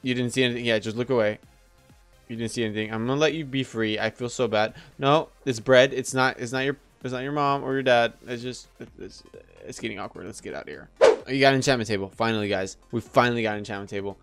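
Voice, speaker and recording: A man chatting his way through a survival game, excitable and talkative, narrating every move as he thinks aloud. His voice sits at an ordinary middle pitch. Soft background music plays faintly underneath. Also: fast, clean tone. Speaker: let's play gamer. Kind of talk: casual gameplay commentary.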